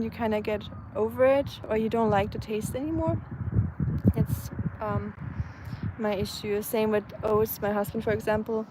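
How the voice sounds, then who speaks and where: Feeding stray cats outside, a twenty-something woman from Germany chats casually on her live stream, reading out comments from viewers. Her German-accented voice is on the high side, and background noise can be heard.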